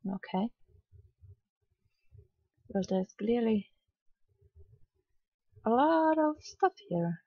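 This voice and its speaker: A woman's voice: on the high side, animated, extremely slow, long pauses, husky, no room sound, highs cut off. A woman casually talking through a hidden-object game, sleepy and yawning, muttering with mild exasperation. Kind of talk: casual let's-play commentary.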